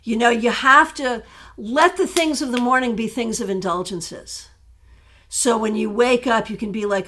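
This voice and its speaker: A woman tarot reader chatting casually on a live stream, answering viewer questions in an animated way that breaks into laughter. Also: fairly high pitch, measured pace.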